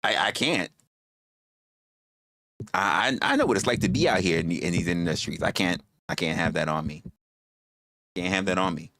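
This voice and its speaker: A man's voice: low-pitched, lively intonation, moderate pace, long pauses, bright, forceful tone, no room sound. A man hosting a livestream, talking casually in a rambling, profane way and repeating his phrases. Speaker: livestream host.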